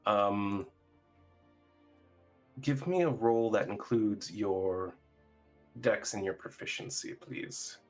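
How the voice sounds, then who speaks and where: A man narrating a tabletop game as dungeon master, halting and searching for words with many fillers. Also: fairly low pitch, faint music behind.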